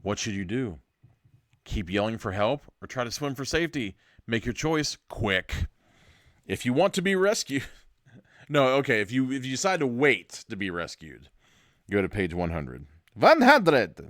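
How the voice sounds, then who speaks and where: A podcast host with a fairly low, expressive voice reads a gamebook aloud at a moderate pace for comedic effect, ad-libbing jokes and laughing at his own lines. At times he drops to a hushed, spooky murmur, recorded dry in studio quality.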